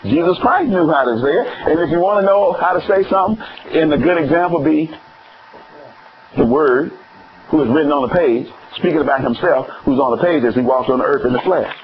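A man preaching a sermon, asking the congregation questions and swinging between high exclamations and low emphatic words. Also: expressive, a little fast, a crowd in the background. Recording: dull lo-fi recording with faint noise.

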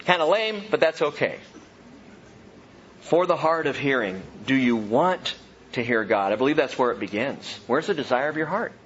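A man's voice: medium pitch, very animated, moderate pace, a bit bright, dull audio, a little hiss or hum. A man preaching a sermon, earnest and emphatic, asking his listeners question after question. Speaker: pastor.

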